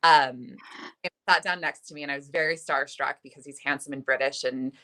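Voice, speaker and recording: Bright, low-voiced woman telling stories. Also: steady tone, fairly quick. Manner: chatty, self-deprecating, heavy use of "like". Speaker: author guest. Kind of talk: animated anecdote on a video interview.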